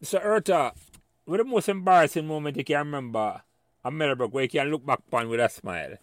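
A man's voice: a little high, fast talker, no echo, studio quality. A Jamaican man hosting a casual interview chat, curious and prompting with questions. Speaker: host.

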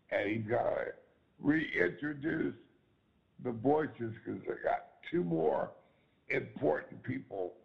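A man hosting an online talk show with enthusiasm, repeating himself and addressing the audience as ladies and gentlemen, on dull lo-fi call audio. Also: medium pitch, creaky. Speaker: show host.

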